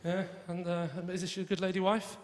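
Brief: English male comedian, high and animated, playful stage delivery, echoey hall with crowd noise behind. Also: a little fast. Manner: cheeky, animated, shouts punchlines and mimics voices. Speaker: stand-up comedian. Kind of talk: stand-up routine with crowd work. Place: large comedy venue on stage. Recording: echoey live venue, audience noise.

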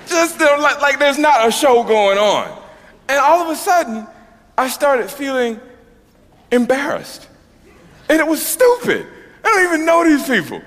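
Onstage in a large hall, with a faint hiss or hum in the background, a stand-up comedian speaks in an extremely high pitch, a little slowly and with long pauses. He's a middle-aged man from Georgia with a Southern US accent, and his story is loose and profane, delivered with animation and acted-out voices.

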